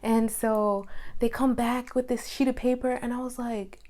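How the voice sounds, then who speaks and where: A young woman vlogging in casual storytelling, chatty and animated, with lots of fillers and quoted asides. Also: fairly high pitch, moderate pace.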